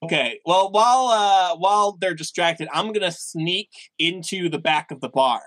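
Male tabletop player, bright tone, playful and hesitant. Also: sits high, normal speed. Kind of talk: tabletop role-play banter.

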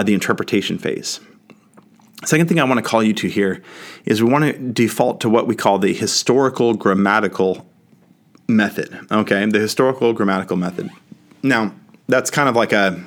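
A man teaching a Bible lesson in a casual, conversational way, often checking in with the listener. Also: on the low side.

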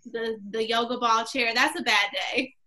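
Young female teacher, bright higher voice, animated storyteller. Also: moderate pace. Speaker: kindergarten teacher, guest. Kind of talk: casual podcast chat.

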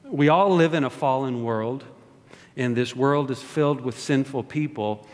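Slow-speaking pastor in a reverberant hall. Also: male voice, medium pitch. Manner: joking, asks the congregation questions. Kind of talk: sermon with prayer. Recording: long reverb of a large hall.

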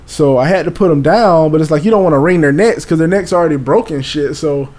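A man, telling a story in casual chat, animated and profane, acting out voices and sounds. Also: on the high side, quick pace.

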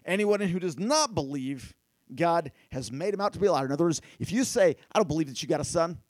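A man preaching a sermon, animated and talking straight to his listeners, at times rising to near-shouts. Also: a little high, fast, no echo. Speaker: pastor.

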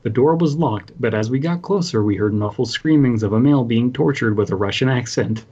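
Husky man reading, muffled audio. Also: mid-range voice, brisk, darkish tone. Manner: laughs while reading. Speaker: podcast co-host reading a story. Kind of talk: casual comedic story reading.

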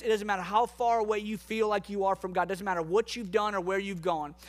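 A man's voice: high voice, fairly bright tone. A man preaching a sermon to a congregation in a church room, impassioned, repeating phrases for emphasis. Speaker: pastor.

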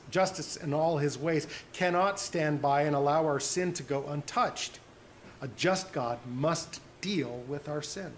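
A man preaching a sermon as pastor, earnest, dropping to soft hushed tones on tender points. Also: fairly high pitch, slight background noise.

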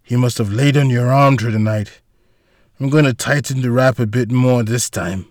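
A man's voice: mid-range voice, moderate pace, dry recording, studio quality, close to an everyday voice. A man doing a cheerful foul-mouthed bodyguard. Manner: casual, profane, jokey. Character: gruff cursing male bodyguard, cheerful caretaker.

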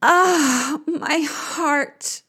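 A high, strained moaning voice of an underworld queen goddess, as a woman storyteller puts her on. She groans each word slowly and drags out her sighs. It is a spoken myth for listeners. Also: very animated.

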